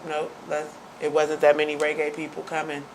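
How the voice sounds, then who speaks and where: Talk host, gravelly, emphatic and argumentative, stammers into points. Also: mid-range voice, completely flat delivery, fairly quick, background noise. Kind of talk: casual debate and show sign-off.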